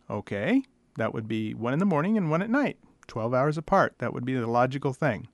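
A man's voice: mid-range voice, sing-song, a little fast, no room sound. A middle-aged man, a veterinarian, telling dry, wry stories about the questions his callers ask. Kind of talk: storytelling monologue.

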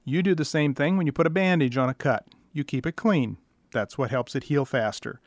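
A man's voice: mid-range voice, fairly quick, no echo. A middle-aged man, a veterinarian, telling dry, wry stories about the questions his callers ask. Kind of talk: storytelling monologue.

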